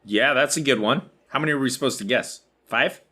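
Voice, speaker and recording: A man co-hosting a casual podcast, chatting over a webcam call and telling jokes with animated delivery. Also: medium pitch, a little fast, husky. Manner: animated joke-telling with voices for characters. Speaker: podcast co-host.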